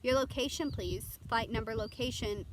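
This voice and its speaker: A woman voicing a calm male radio operator, speaking in clipped, formal radio phrases. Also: on the high side, moderate pace, background noise, natural voice.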